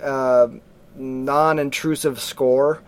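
A man co-hosting a casual movie review chat, animated and mocking, acting out quotes from the film. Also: medium pitch, drawn-out words, smooth. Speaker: podcast co-host.

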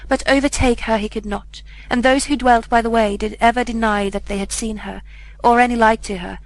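Woman reading an old fairy tale, slow and solemn, kinda high voice. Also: rough recording. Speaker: narrator.

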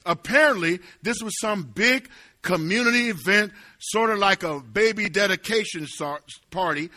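A middle-aged pastor delivers a sermon in a high voice with a sharp, forceful edge. He drops into quiet, joking asides, then builds to loud, emphatic preaching.

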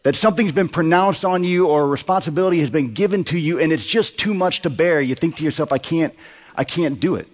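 Talking fast with few pauses, a pastor in his thirties gives a conversational sermon in a slightly high voice, repeatedly asking his congregation rhetorical questions. The church sanctuary adds a long hall reverb.

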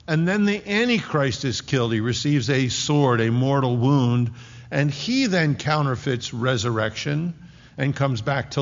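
A man preaching a sermon to his congregation in a relaxed, conversational way, with sarcastic asides. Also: medium pitch, big-room sound, lo-fi sound. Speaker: pastor.

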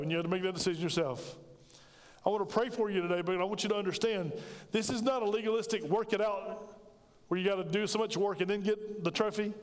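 A middle-aged preacher with a drawl, his voice pitched notably high. He tells his story in a sermon and acts out every line of dialogue, while his words ring through a reverberant hall. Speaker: pastor.

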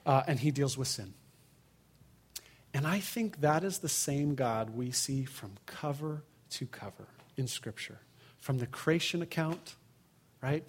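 A man delivers a sermon in an earnest, conversational manner. His voice sits a little high for a man. He drives his points home with emphatic rhetorical questions. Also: husky. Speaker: pastor.

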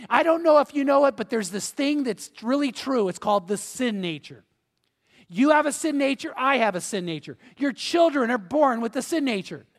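A middle-aged man preaching a sermon, telling stories and acting out the voices of the people in them. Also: extremely high pitch. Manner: conversational storytelling preacher, acts out quoted voices. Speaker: pastor. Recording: long reverb of a large hall.

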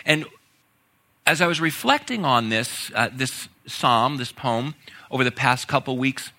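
A man preaching a conversational sermon, talking casually with fillers and growing animated at times. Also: medium pitch, a little slow. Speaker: pastor.

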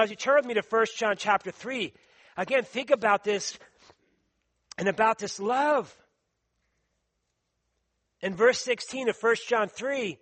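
High-voiced preacher with a throat tickle. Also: male voice, fairly bright tone. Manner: earnest, emphatic, stretches out key words. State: tickle in his throat, clearing it and coughing. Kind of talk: sermon with scripture reading.

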